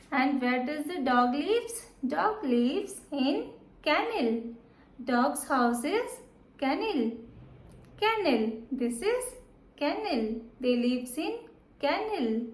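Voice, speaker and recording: Slow, high-voiced woman teaching children. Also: sing-song, reverberant. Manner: slow, repetitive, asks and answers questions. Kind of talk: children's lesson.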